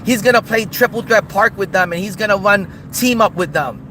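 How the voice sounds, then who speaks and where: A man's voice: sits high, brisk, noisy background. A man hosting a livestream, ranting in a taunting, mocking, repetitive way. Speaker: streamer host. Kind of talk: livestream rant.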